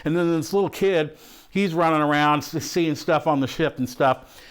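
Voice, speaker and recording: Reviewing an old film, a male host plays a crude, horny movie fan who excitedly rambles and swears through a comic retelling. His voice is on the high side, clean in tone, lightly acted, at a normal speed.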